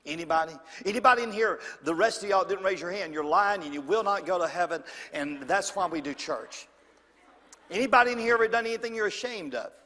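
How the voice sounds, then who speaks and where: A man preaching a sermon in church, swinging from loud and high to hushed and low. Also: brisk, big-room sound. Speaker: pastor.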